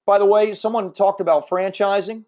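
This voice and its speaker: A man hosting a live webinar, giving an emphatic, persuasive sales pitch and answering audience questions from the chat. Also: fairly even intonation, moderate pace, mellow. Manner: emphatic, persuasive salesman, repeats key points. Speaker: webinar host selling publishing services.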